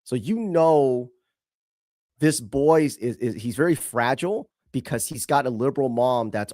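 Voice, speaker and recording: An emphatic man hosts a commentary show, picking apart a video clip with scorn and heavy repetition. His pitch swings widely as he talks, and the sound is close and dry. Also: animated, unhurried, warm tone, dry recording. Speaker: host.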